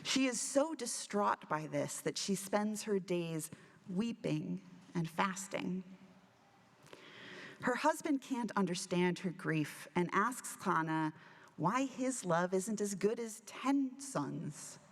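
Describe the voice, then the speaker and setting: A woman minister giving a sermon, telling a story in a relaxed, conversational way with touches of humor. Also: mid-range voice, takes it slowly. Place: church sanctuary. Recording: church hall with long reverb.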